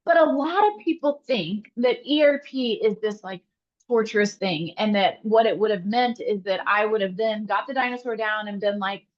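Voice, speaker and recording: A woman therapist explains her approach in an animated, storytelling way, often speaking straight to her listeners. Her voice sits at a medium pitch. The recording sounds slightly dull and lo-fi. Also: normal speed. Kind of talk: interview answer, storytelling.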